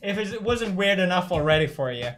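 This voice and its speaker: A man giving sarcastic reaction commentary over a clip. His voice is bright and forceful, and faint music plays under him. He jumps between deadpan mockery and excited outbursts. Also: high-pitched, a little fast. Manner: sarcastic, excitable, laughs often. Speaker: YouTube commentator.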